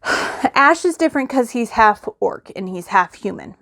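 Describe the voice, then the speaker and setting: A woman's voice: on the high side, animated, a little slow, creaky, fairly bright tone, no echo, clean studio sound. A woman chatting casually in a reading vlog, rambling and gushing as she retells a book's plot. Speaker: book vlogger.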